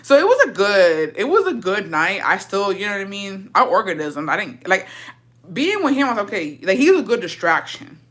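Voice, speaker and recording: Foul-mouthed young woman telling a bright story. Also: mid-range voice, moderate pace. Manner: profane, blunt and animated storytelling. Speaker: live streamer. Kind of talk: casual storytime on a live stream. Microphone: phone with headphones.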